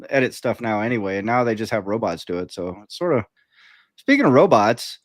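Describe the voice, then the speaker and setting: A man's voice: on the low side, very animated, brisk, no room sound, clean studio sound. Profane, jokey man on a podcast. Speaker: podcast co-host. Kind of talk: casual podcast chat.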